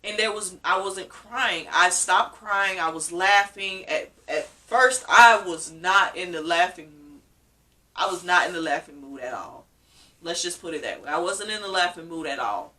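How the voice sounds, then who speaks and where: A woman's voice: lowish voice, unhurried, bright, forceful tone, distant mic. A woman vlogger telling a personal story in a casual, emotional way, often repeating herself. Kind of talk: casual story-time vlog.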